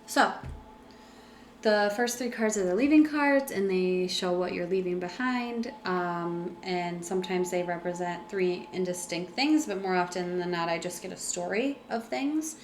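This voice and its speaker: A woman's voice: fairly low pitch, a little slow, reverberant, slight background noise. A woman giving a casual tarot reading, talking in a rambling way with many fillers and restarts. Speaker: tarot reader.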